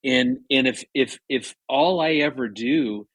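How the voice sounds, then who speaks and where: A man's voice: medium pitch, a little slow, no echo. A man in his fifties, a marriage author and guest, talks through a story in a casual radio conversation, earnest, with many restarts. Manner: earnest, many restarts, animated when retelling.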